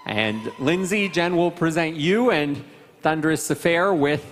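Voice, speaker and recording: A man's voice: a little high, lively intonation, measured pace, faint music behind. A man announcing award winners at a live horse event, formal and ceremonial with light jokes. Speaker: arena announcer. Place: large covered horse arena. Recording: long echo of a large covered arena.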